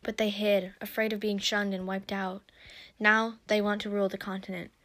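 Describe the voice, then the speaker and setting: A woman's voice: mid-range voice, level tone, normal speed, fairly bright tone, lightly acted. Woman reading as a formal know-it-all guy dragon, explaining, storybook style.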